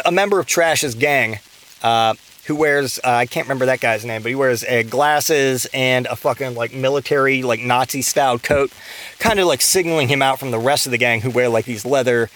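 A man's voice: medium pitch, a bit bright, rough recording. A man hosting a podcast, recapping a movie in a rambling, casual way with constant swearing, fillers and restarts. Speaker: podcast host.

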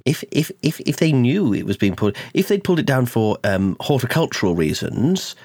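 A man's voice: mid-range voice, very animated, brisk, a little mellow, no room sound. A man voicing a boastful male stage hypnotist who rambles with many restarts. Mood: musing.

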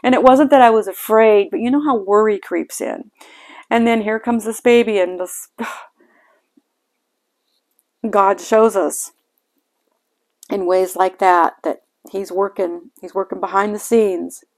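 A woman's voice: mid-range voice, measured pace, pauses often. An older woman hosting a devotional podcast, sharing a heartfelt personal reflection on scripture with sighs and emotion in her voice.

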